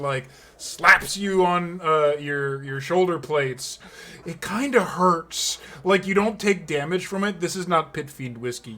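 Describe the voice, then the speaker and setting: A man runs a tabletop game as game master. He rambles slowly through descriptions, stacking up fillers and laughing as he goes. His voice is a little high and bright.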